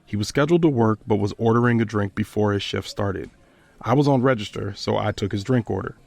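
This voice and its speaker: A man hosting a podcast, retelling a personal story in a measured, earnest way. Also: on the low side, vocal fry, a little mellow, dry recording.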